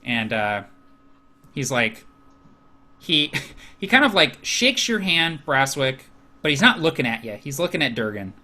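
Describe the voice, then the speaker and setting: A man running a tabletop game as game master, narrating casually with lots of fillers. His voice is bright and mid-pitched. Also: sing-song, a little slow, long pauses.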